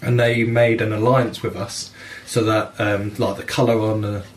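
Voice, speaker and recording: A man hosting a gaming podcast, telling game stories in a sweary, animated way and acting out the dialogue. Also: fairly low pitch, normal speed, slight background noise. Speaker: podcast host. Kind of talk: casual gaming chat.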